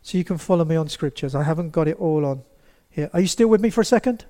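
A male preacher with a notably high voice delivers a lively sermon in a church. He speaks straight to the congregation and acts out small scenes as he goes. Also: quick pace. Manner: animated, acts out quotes, addresses the congregation directly.

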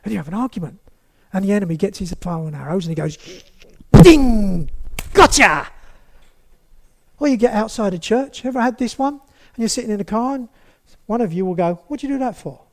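A man's voice: high voice, fast. A man preaching a sermon to a congregation in a church, talking to them directly and acting out little scenes as he goes. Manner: animated, acts out quotes, addresses the congregation directly.

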